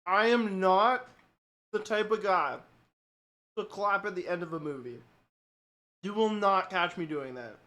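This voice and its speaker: A man's voice: high-pitched, a little slow, pauses often, pushed and bright. A man streaming live, chatting casually, poking fun at himself and answering his chat. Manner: joking, self-mocking, reacts to chat.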